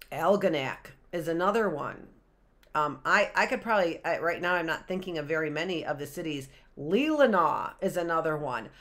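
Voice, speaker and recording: A woman's voice: low-pitched, a bit bright. A woman, a teacher reading a picture book aloud to young children on a livestream and wandering into chatty asides and questions.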